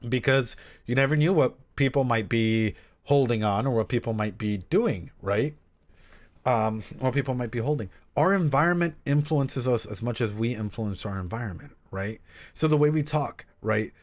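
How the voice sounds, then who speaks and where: Brief: young man, therapist on a reaction stream, loose and animated, swears, addresses the chat directly. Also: mid-range voice, moderate pace. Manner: animated, swears, talks straight to viewers.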